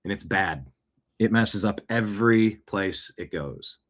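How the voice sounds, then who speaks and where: Speaking a little slowly in a lowish voice, a male show host sits in his home studio reacting to clips. His political commentary is casual and rambling, full of conversational asides.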